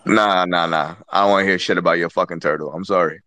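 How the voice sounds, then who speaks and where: A man co-hosting a casual sports chat who often yells and swears while joking. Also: deep voice, fairly even intonation, fast. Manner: loud, profane, yells often. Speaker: podcast co-host.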